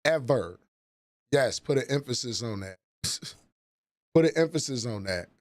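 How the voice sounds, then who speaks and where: A man's voice: mid-range voice, lively intonation, normal speed, no echo. Profane rambling man on a livestream. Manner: profane, rambling, nostalgic storytelling. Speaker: livestream host. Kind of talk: casual livestream chat.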